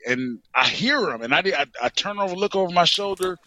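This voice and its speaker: A man, a pro wrestler, telling an animated story in an interview and often saying "you know what I'm saying". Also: high voice, brisk, no room sound, muffled recording.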